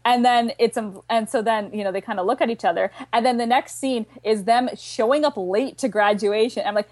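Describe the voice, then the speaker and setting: Young Canadian woman, podcast regular; eager, quick, cussing, dead-dry recording. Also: on the high side, no room sound. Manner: enthusiastic, swears freely, fast and excitable. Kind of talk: casual chat.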